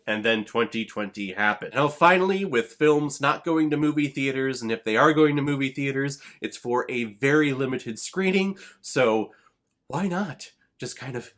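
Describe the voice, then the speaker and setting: A man hosting a movie review channel, talking casually with sarcastic asides. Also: medium pitch. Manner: lively, quick conversational delivery. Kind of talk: casual film review commentary.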